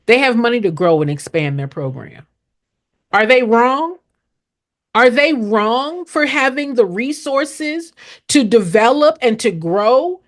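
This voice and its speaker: A middle-aged woman, a nonprofit consultant, teaching viewers in a blunt, emphatic way, repeating key lines like a preacher. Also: a little high. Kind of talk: direct live-stream teaching to viewers.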